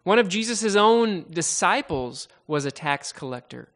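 Male preacher, a touch high-voiced, telling a Bible story with drama and many stammered restarts. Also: very animated, a little slow, fairly bright tone. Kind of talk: sermon storytelling.

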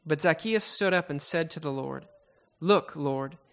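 A man's voice: a little high, moderate pace, gravelly, fairly bright tone. Man preaching a dramatic Bible retelling. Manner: dramatic retelling with frequent restarts and stammers. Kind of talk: sermon storytelling.

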